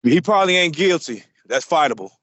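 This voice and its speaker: A man's voice: a little high, a little fast, dry recording. Man explaining things offhand on a podcast. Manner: relaxed, explaining news offhandedly. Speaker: podcast co-host. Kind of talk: casual chat.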